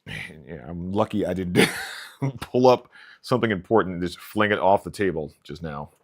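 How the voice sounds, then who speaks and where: A man's voice: low-pitched, normal speed. A man live-streaming as he works on a radio-control model, chatting casually and muttering jokey asides to his viewers as he tinkers.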